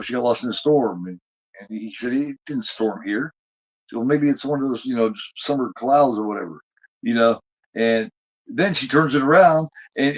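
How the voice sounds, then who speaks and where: Man, podcast co-host, casual episode recap, rambling, lots of fillers, mid-pitched voice. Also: slightly rough, rough recording. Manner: rambling, many fillers and restarts.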